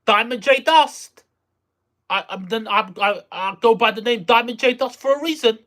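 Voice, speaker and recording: A streamer casually reacting live to a game, excitable, repeating phrases and exclaiming. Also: mid-range voice, moderate pace.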